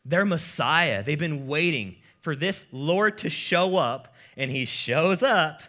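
A male pastor preaches with a bright, forceful tone and a voice that swings widely in pitch. He jokes and talks casually to his congregation, and his pitch sits a little above the usual. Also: slow. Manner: lively, joking, casual preaching. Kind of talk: sermon.

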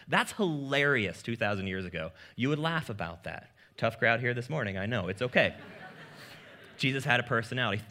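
A man preaching a sermon as pastor, in a casual, joking manner with lively asides. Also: medium pitch, fairly quick.

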